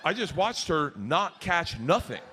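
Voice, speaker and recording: Rich: A middle-aged man telling a stand-up story on stage, his voice high and bouncing all over. He swears freely and sounds exasperated, with clear audience noise from the live room. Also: big pitch swings, a little slow. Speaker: stand-up comedian.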